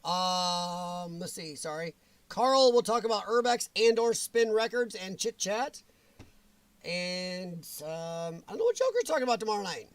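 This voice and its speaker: Man, livestream host, casual chat, strained voice, fairly high pitch, dry sound. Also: expressive, measured pace, no room sound. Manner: chatty, greets viewers by name, laughs often. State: strained, weakened voice.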